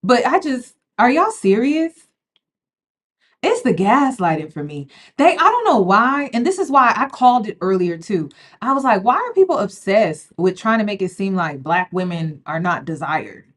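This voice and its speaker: Animated woman chatting about reality TV. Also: mid-range voice, moderate pace. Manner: animated, chatty, slangy, addresses viewers as y'all. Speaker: reality TV commentator. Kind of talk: casual commentary vlog.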